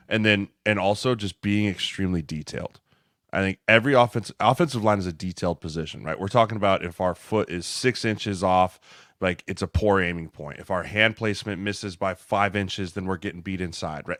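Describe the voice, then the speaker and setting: A man's voice: low-pitched, a bit bright, no echo, clean studio sound. A man co-hosting a podcast, explaining things earnestly and often tagging his points with "right?". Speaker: podcast co-host, former offensive lineman. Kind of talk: casual podcast chat.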